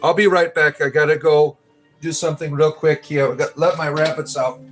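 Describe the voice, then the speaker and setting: Middle-aged man, livestream host, rambling and chatty, slightly high voice, faint music behind. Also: fairly even intonation, moderate pace. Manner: rambling, chatty, answering viewers' comments. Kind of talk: casual livestream chat.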